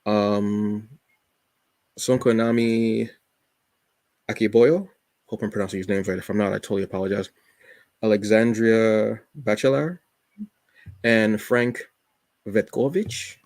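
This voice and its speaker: A man's voice: fairly low pitch, flat delivery, normal speed, pauses often, darkish tone, no room sound. A man hosting a solo comics show, rambling enthusiastically with many fillers. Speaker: podcast host reviewing comics. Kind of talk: casual solo chat.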